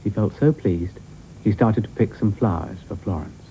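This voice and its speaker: A man's voice: fairly low pitch, moderate pace, dark tone, slight background noise, rough recording. A British man narrating a children's cartoon in a wry, amused storybook manner.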